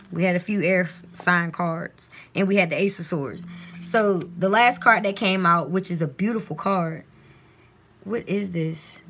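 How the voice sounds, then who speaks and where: A woman with a fairly low voice doing a casual live-stream tarot reading, talking loosely to viewers and reading passages from a guidebook. She records on her phone at home, with a faint hiss of background noise. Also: fairly bright tone. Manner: chatty and loose, reads aloud from a guidebook.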